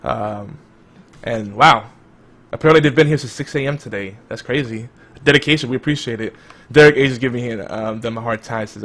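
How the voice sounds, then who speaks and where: A man's voice: mid-range voice, a little fast, a bit bright. A man hosting a podcast, chatting casually and laughing often, with lots of restarts as he reads the live chat. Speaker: podcast host.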